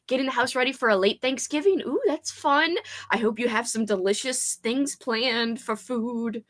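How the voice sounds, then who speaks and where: Speaking at a normal speed in a slightly high voice, a booktube host keeps her reading livestream casual, bubbly, and full of laughter. She greets viewers by name as she chats with them.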